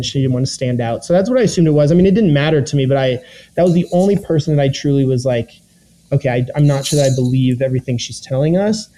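A young man recalls his time on a competition show in a loose, rambling way, full of ums and quoted asides. His voice is deeply mellow and warm, with a middling pitch. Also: low-quality recording. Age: young adult. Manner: rambling, filler-heavy, quotes his own thoughts. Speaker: former reality competition contestant. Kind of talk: casual recounting in an interview.

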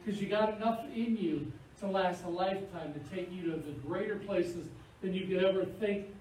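A man preaching a sermon in an animated, playful way, acting out little scenes. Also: high-pitched, normal speed. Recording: echoey room, picked up from far off, faint hiss.

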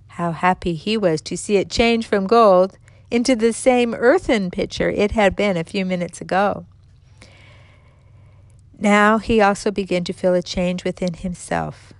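A woman narrating a classic fairy tale aloud in a gentle, expressive storybook manner. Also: mid-range voice, no echo.

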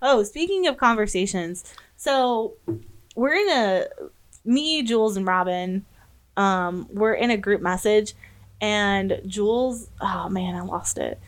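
A woman's voice: mid-range voice, expressive, slow. Giggly American woman podcast co-host. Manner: giggly, stumbles while reading aloud. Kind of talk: casual podcast chat.

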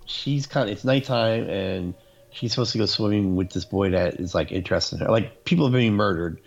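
Gravelly man telling a story. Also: lowish voice, fairly quick, soft background music. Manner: animated storyteller, acts out quotes. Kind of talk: casual chat. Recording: dull lo-fi recording.

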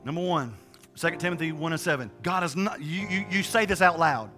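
A man's voice: on the high side, brisk, pushed and bright, soft background music. A man preaching a sermon and telling a personal testimony, with a rambling, emphatic, colloquial delivery full of restarts and repetitions.

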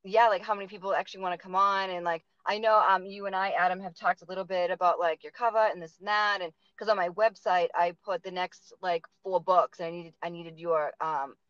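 A woman with a Boston accent hosts a relaxed interview, talking on and on with plenty of fillers. The sound is dry and a little dull, with no room echo. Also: lowish voice, a little fast, hardly any pauses. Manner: chatty, lots of fillers and likes. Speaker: podcast host. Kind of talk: casual interview chat.

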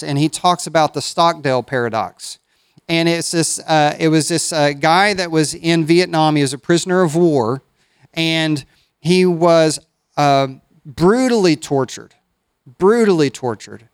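A man's voice: on the high side, clean tone, dry recording, studio quality. Conversational preacher, man. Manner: conversational preaching with folksy asides and restarts. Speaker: pastor. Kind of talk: sermon.

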